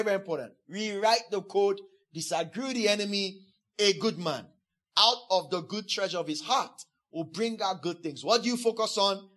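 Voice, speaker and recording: High-voiced guy preaching, punchy, says lines over and over for the church. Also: a bit bright. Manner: emphatic, repeats phrases for the congregation; acts out quoted speakers in a playful voice. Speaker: pastor. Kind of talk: sermon.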